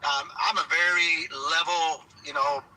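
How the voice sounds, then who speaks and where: A man calling in to a livestream while driving his car, talking haltingly with many restarts. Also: fairly high pitch, steady tone, noisy background. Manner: hesitant, restarts often. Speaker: caller. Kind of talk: casual phone-in chat.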